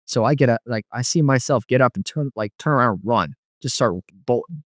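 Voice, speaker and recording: A young man recounting his personal testimony earnestly, rambling and restarting as he goes. His voice sits at a middle pitch. It is recorded close and dry, with no room sound. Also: fairly quick, no echo. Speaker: guest telling his testimony.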